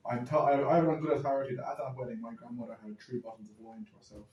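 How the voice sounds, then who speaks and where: A man's voice: medium pitch, steady tone, muffled recording, a little hiss or hum. A young Irish man on a podcast, spinning a comic family anecdote with dramatic asides. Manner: rapid, dramatic storytelling with asides. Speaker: guest storyteller. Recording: roomy, distant phone recording.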